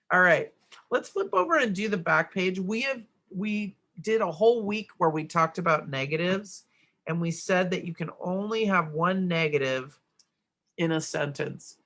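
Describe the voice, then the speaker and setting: A woman's voice: on the low side, lively intonation, measured pace, fairly bright tone. A middle-aged woman teaching a grammar worksheet lesson, explaining step by step and checking in with "right?".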